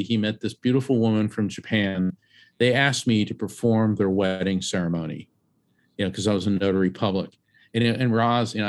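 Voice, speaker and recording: A middle-aged man from Central Florida, a psychic medium and author, telling a vivid story as an interview guest and acting out the voices of the people in it. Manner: animated storyteller, acts out voices and raises his pitch sharply.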